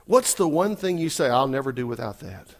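A man preaching a sermon, animated, swinging between loud emphatic lines and soft asides, acting out quotes. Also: medium pitch, fairly quick. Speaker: pastor.

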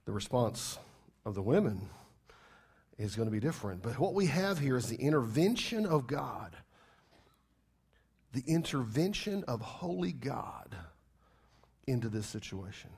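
A man's voice: medium pitch, big pitch swings, unhurried, pauses often, a little mellow, slightly rough. A man preaching a sermon as pastor, emphatic, repeating key phrases and firing rhetorical questions at the congregation.

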